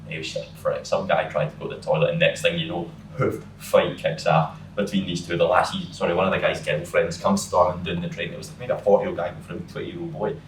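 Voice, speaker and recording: A very deep-voiced young Scottish man spins a rowdy, sweary tale and jumps into the voices of the people in it. He sounds set back from the mic. The room around him is echoey. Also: quick pace, few pauses, distant mic, slight background noise. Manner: animated, swearing, acts out quoted people. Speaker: podcast co-host. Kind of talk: casual storytelling chat.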